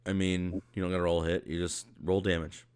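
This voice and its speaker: A man narrating as game master in a tabletop game, relaxed and rambling with fillers. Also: low voice, a little fast, clean tone.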